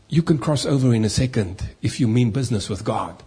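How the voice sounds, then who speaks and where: Husky-voiced preacher, rhetorical and emphatic. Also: male voice, medium pitch, animated, brisk, few pauses, mellow. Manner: preachy, rhetorical questions, acts out complaining voices. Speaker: pastor. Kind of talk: sermon.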